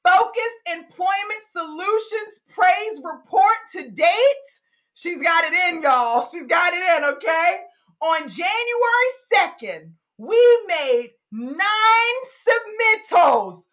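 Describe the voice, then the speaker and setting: Upbeat woman host for a live call, very high bright voice, unhurried delivery, dull lo-fi call sound. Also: animated. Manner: exuberant, whoops and laughs often; hypes up listeners, calls them y'all. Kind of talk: energetic live call, reading out chat comments.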